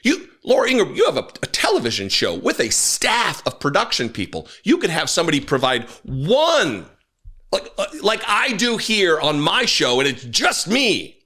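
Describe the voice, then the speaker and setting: A man hosting his own political commentary show, angry and animated, with blunt swearing and quick asides. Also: fairly high pitch.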